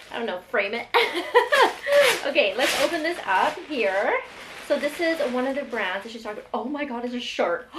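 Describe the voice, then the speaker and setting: A woman's voice: a little high, a bit bright. Young woman vlogger, effusive and chatty, recorded in a roomy space. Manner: gushing, emotional, chatty with many fillers. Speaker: lifestyle vlogger. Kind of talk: excited unboxing chat. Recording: echoey room with faint ambience.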